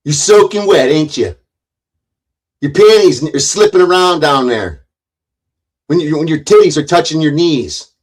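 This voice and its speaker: A man who runs his own channel, delivering a heated livestream rant in a forceful, mocking and sarcastic way, full of swearing. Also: on the high side. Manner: loud, forceful delivery that he calls passion. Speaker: YouTube channel owner.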